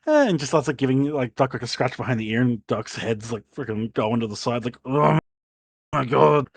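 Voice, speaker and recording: A man running a tabletop game, narrating in a loose, rambling way full of fillers. His voice is mid-pitched and the recording is dry and close. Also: expressive, a little fast, darkish tone, slightly rough, no room sound. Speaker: game master.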